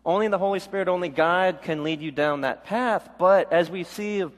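A man's voice: sits high, normal speed, big-room sound. A middle-aged male pastor giving a sermon with a candid personal testimony, acting out the voices of people he quotes. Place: church.

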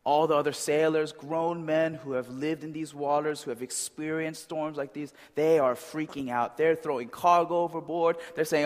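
A pastor delivers a conversational sermon, often checking in with his listeners by asking "right?" His voice sits a little high, with fairly even intonation and a normal pace. The recording carries the long reverb of a large hall.

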